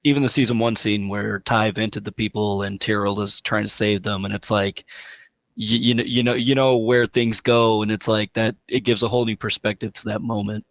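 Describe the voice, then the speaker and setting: A man talking as a guest on a casual panel, animated and quick to interrupt himself. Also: on the low side, dry recording. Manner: animated, self-interrupting, laughing asides.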